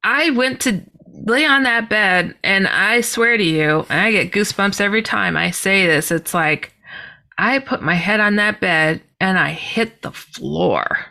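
A woman guest telling a personal story in a lively way, laughing and exclaiming often. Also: mid-range voice, a little slow, vocal fry. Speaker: guest author.

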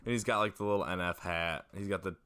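Low-voiced man co-host, laid-back. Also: fast, clean tone. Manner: relaxed, explains details, many "like" fillers. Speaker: co-host reviewing songs. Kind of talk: casual music review chat.

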